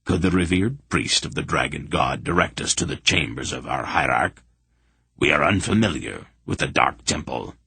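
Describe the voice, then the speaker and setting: A man voicing a crafty old sorcerer, low and smooth. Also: expressive, moderate pace, bright, forceful tone, dry recording, exaggerated voice. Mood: deferential. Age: older. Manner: smooth, deferential, guttural accent put on. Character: old male sorcerer posing as pilgrim.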